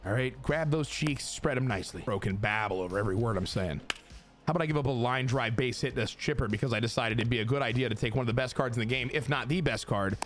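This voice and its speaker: A young man casually commentating his baseball video game to chat, excitable and crude, swinging between joking rants and hype. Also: medium pitch, fast talker, faint music behind. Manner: crude, self-mocking humor.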